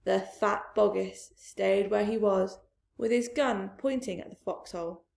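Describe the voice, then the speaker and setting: A woman reading a children's storybook aloud, slowly and expressively, dropping into hushed asides. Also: mid-range voice, steady tone, vocal fry. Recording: roomy echoey room.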